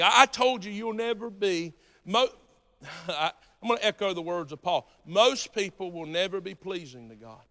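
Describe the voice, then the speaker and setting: A male pastor preaching a sermon in a church, talking straight to the congregation and swinging from soft, close words to loud emphatic lines. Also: high voice, expressive, moderate pace. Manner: talks directly to the congregation. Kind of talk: sermon with altar call. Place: church sanctuary. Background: soft live music, piano and guitar.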